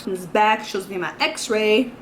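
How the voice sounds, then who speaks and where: A woman's voice: medium pitch, slow pace, noisy background. A young woman vlogging in a casual storytime, rambling and chatty, filling her talk with "like" and "you know".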